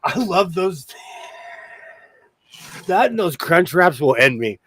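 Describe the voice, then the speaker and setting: A man hosting a relaxed sewing chat, his voice sitting a little high and the sound dry and close. He tells stories with bursts of laughter. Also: slow pace, dry recording. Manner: animated storyteller who laughs often. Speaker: host. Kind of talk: casual chat while sewing.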